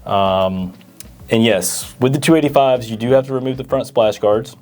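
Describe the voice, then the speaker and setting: A man's voice: mid-range voice, normal speed, a little mellow, faint music behind. A man co-hosting a parts store Q&A, reading viewer questions and often stammering through fillers. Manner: hesitant, stammering with many fillers. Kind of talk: casual Q&A chat.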